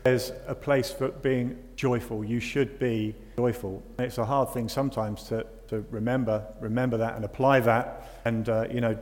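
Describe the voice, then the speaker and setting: In a hall with long reverb, a man delivers a conversational sermon full of rhetorical questions for his audience. His mid-range voice is flat and a little mellow, at a moderate pace.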